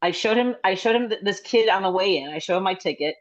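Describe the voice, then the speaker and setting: A middle-aged woman comedian telling stories in a rambling, chatty way with quick asides, over a video call. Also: medium pitch, lively intonation. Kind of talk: casual comedic storytelling. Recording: slightly dull video-call audio.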